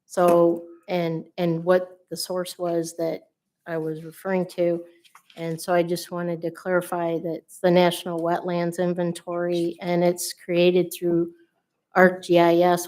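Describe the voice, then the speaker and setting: A woman's voice: lowish voice, darkish tone. A woman giving public comment at a city council meeting, earnest and polite, with hesitant fillers. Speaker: resident speaking at public comment. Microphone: podium microphone.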